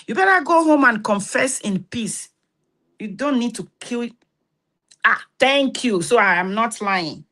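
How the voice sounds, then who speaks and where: With an unhurried pace and a voice on the high side, a Nigerian woman hosts an advice talk. In her Nigerian accent she tells stories animatedly and preachily, acting out the dialogue as she goes.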